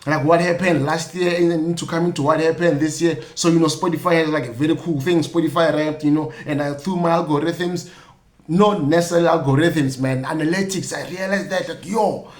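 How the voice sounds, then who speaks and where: A young South African man with a somewhat high voice holds forth in a relaxed, rambling podcast monologue, peppering every thought with "you know what I mean." The sound is roomy and echoey. He jokes freely and keeps it conversational. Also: brisk. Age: young adult. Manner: loose and chatty, many fillers like "you know what I mean", jokey asides. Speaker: podcast host. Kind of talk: casual solo commentary.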